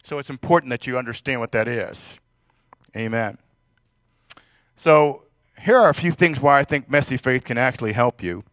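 A male pastor preaching a sermon in a conversational way, asking the congregation questions and swinging between loud and soft passages. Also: mid-range voice, moderate pace, long pauses, no echo.

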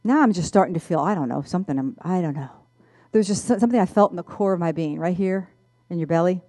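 A woman telling a personal testimony in an animated storytelling manner, acting out the voices. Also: on the low side, fast, no echo, clean studio sound. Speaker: speaker giving a testimony.

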